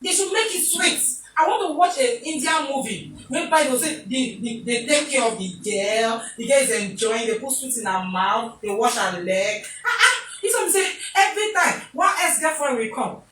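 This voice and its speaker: Animated Nigerian woman presenter, echoey room. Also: high voice, moderate pace. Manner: comical, mixes pidgin, acts out scenes. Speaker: talk show presenter. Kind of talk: animated comic commentary. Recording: echoey room, distant mic, faint noise.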